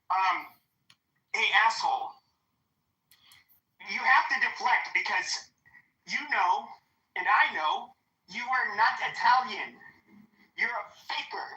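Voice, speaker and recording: A woman's voice: mid-range voice, lively intonation, normal speed, pauses often, bright, forceful tone. A woman hosting a heated online audio room, talking in a combative, profane and taunting way. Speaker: host. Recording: roomy echo, online audio chat.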